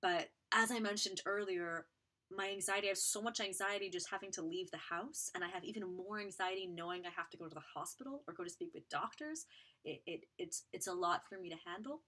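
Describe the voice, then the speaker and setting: Bright-voiced young woman sharing a personal story. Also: medium pitch. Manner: candid, halting, many fillers, reads viewer comments aloud. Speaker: beauty vlogger and live streamer. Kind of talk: personal story told on a live stream.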